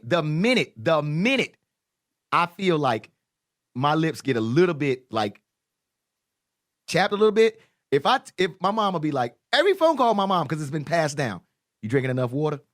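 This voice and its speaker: A man's voice: a little high, moderate pace, no room sound, studio quality. A man hosting a podcast in casual chat, joking and telling stories with lots of laughter. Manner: joking, animated storyteller who laughs often. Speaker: podcast host.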